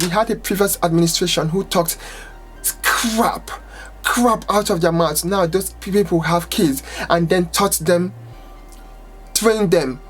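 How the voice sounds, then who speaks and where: Angry woman ranting to camera. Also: fairly low pitch. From United States. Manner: angry, exasperated, swearing, rising to outbursts. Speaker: vlogger, salon owner. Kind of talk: impassioned personal rant to camera.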